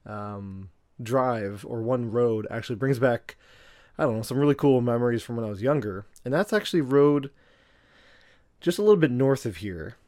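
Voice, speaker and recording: A man's voice: medium pitch, moderate pace, darkish tone, no echo, studio quality. A man co-hosting a podcast, talking in a hesitant, casual way with lots of fillers. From Canada. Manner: hesitant, with many fillers and laughs. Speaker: podcast co-host.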